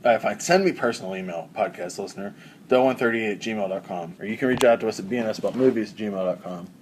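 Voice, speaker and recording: A young man co-hosting a podcast jokes around playfully in casual chat, putting on silly voices. He speaks quickly on the low side, with slight background noise.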